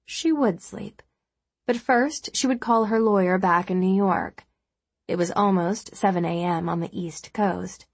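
A woman narrating a novel as an audiobook, in a steady, measured storytelling manner. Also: mid-range voice, gravelly, slightly rough, no room sound. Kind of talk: scripted narration.

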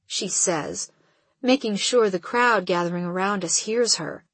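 A woman reading a first-person audiobook in a measured storytelling way. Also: fairly low pitch, a bit bright, husky, no room sound. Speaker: audiobook narrator.

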